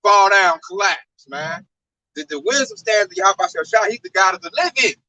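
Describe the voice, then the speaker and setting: Bright-toned guy preaching casual, swears a lot, gets worked up. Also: high voice, normal speed, a little hiss or hum, rough recording. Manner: animated, profane and preachy. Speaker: religious talk show speaker.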